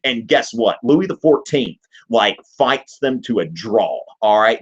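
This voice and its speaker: A man hosting a live history Q&A, explaining in an animated, joking, digressive way. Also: lowish voice, unhurried, few pauses, slightly rough. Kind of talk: casual live-stream lesson. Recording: dull lo-fi stream audio.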